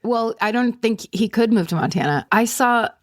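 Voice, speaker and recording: A woman's voice: fairly high pitch, animated, moderate pace, no echo, clean studio sound. A woman co-hosting a comedic podcast, chatty and reactive with joking asides. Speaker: podcast co-host. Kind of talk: casual comedic podcast chat.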